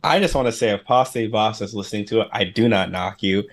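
A man's voice: lowish voice, fast. A young man, co-hosting a casual podcast in a laid-back, easygoing, rambling way.

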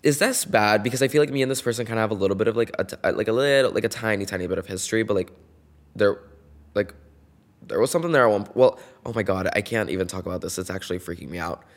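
A young man with a lowish voice hosts a casual podcast on his own. He talks in a campy, gossipy way, jumping from loud outbursts to quiet asides. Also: racing. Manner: animated, swings between loud bursts and soft asides. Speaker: podcast host. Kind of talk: casual solo podcast chat.

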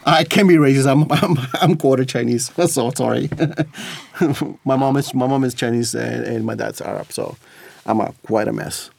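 A man's voice: medium pitch, moderate pace, gravelly, darkish tone, dry recording. A man co-hosting a podcast, teasing and laughing often in a studio. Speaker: podcast co-host. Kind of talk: joking casual chat. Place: recording studio.

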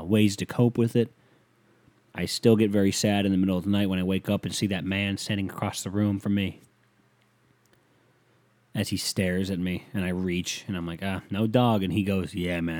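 A young podcast host rants casually on his solo show, low-voiced and deadpan, cursing freely and drifting into mumbled asides. The recording is dry and close-miked, with no room sound at all.

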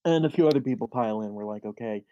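A man's voice: mid-range voice, very fast, dark tone, dull audio. Laid-back young man telling a story. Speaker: podcast guest. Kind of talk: casual comedic chat.

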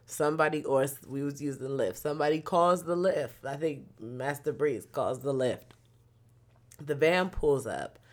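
A young woman telling a story in a casual monologue. She swears a lot and swings between loud outbursts and quiet muttering. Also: low-pitched, measured pace.

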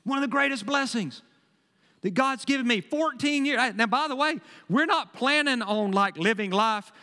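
Animated pastor preaching in a reverberant hall. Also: male voice, extremely high pitch, normal speed. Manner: animated, emphatic, swings loud and soft, folksy asides. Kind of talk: sermon. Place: church sanctuary.

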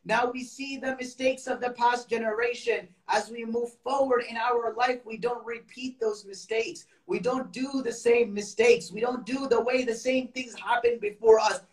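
Man, sermon, chatty storytelling, quick recitation, echoey room, far from mic. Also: very high voice, steady tone. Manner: quick Quran recitation between plain storytelling; casual, conversational storytelling. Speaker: preacher.

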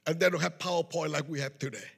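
A man's voice: a little high, fairly even intonation, fast, gravelly, fairly bright tone, husky. A man preaching a testimony in simple, non-native English, recorded with echo in a church hall. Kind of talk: sermon testimony storytelling.

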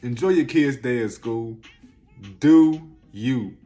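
A man talks straight to his viewers in a slangy, emphatic motivational style. His voice sits in a middle pitch and swings from loud pushes to soft murmurs. Faint music plays underneath. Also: slow pace. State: close to tears at times. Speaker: self-help video host. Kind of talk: motivational casual talk to camera.

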